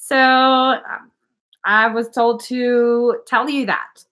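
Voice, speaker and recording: A woman's voice: a little high, flat delivery, very slow, fairly bright tone. A young woman chatting casually on a livestream as a spiritual energy reader, giggly and playful, swearing now and then.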